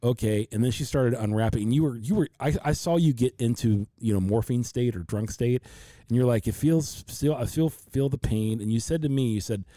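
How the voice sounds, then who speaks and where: A man's medium-pitched, mellow voice moves fairly quickly with no room sound. He co-hosts a podcast, sincerely telling a frightening tale from his family and voicing the others in it animatedly.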